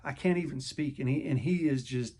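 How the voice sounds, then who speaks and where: A man's voice: medium pitch, fairly quick, darkish tone, a little hiss or hum. A middle-aged man recounting a personal experience in a candid, conversational way, often repeating and restarting his words. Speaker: vlogger.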